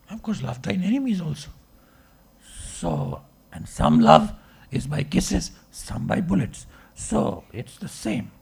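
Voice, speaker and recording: Husky gravelly-voiced man giving a rambling philosophy lecture, pitch all over the place. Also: darkish tone. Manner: discursive, asks rhetorical checks like okay and right. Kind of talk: public lecture.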